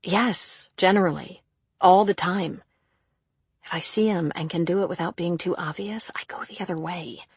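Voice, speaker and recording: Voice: medium pitch, moderate pace, vocal fry, slightly rough, no echo. A reader voicing an earnest, self-questioning woman criminal psychologist in an audiobook. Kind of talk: audiobook character reading.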